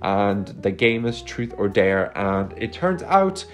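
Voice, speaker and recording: A man's voice: fairly low pitch, sing-song, slow, faint music behind. Chatty, sarcastic man reviewing a movie. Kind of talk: casual vlog movie review. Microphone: phone microphone.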